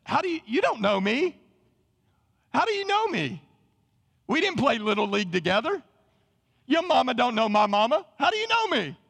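A man's voice: very high voice, expressive, quick pace, vocal fry, few pauses, fairly bright tone, pitched above the performer's own voice, exaggerated voice. A man voicing Nathanael as a baffled, skeptical young man, indignant and incredulous.

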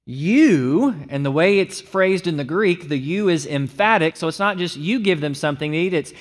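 A man's voice: on the high side, normal speed, hardly any pauses. A man preaching a sermon, explaining a passage and acting out the speakers' lines with animation. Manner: animated, acts out the disciples' lines in a raised voice. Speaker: pastor.

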